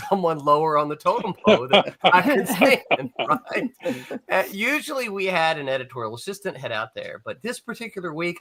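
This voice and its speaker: A man's voice: on the high side, sharp tone. A man, a former comics editor, telling a rambling anecdote in a casual panel chat, with frequent restarts and chuckles. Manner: rambling storyteller, chuckles often, many restarts.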